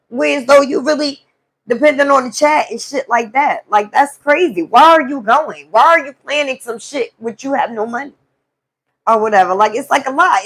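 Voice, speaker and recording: High-voiced woman venting. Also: husky. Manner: animated, profane storytelling to a live chat. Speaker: live stream host. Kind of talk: casual venting monologue.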